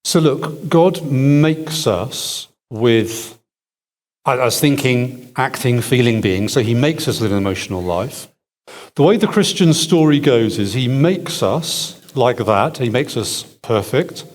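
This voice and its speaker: A man's voice: medium pitch, expressive, slow pace. A man answering audience questions at a church event, thinking aloud with restarts and wry asides. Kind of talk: conference Q&A answers. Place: large hall with audience. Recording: echoey hall.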